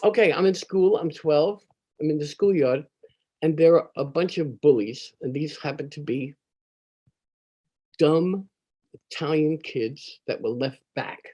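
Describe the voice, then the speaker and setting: Older man, slightly higher voice, conversational storyteller. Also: unhurried, pauses often. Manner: animated, conversational, acts out quoted voices. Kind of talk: personal storytelling.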